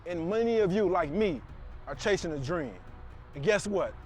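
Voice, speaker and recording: High-voiced preachy motivational man. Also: expressive, moderate pace, darkish tone, faint music behind. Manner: preachy, repetitive, emphatic with call-outs. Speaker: motivational speaker. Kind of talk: motivational speech to camera.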